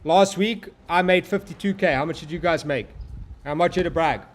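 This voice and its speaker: Hyped young man streaming, slightly high voice. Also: moderate pace. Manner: hyped, profane, motivational, addresses chat as bro. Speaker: trading livestream host. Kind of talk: live-stream chat and pep talk.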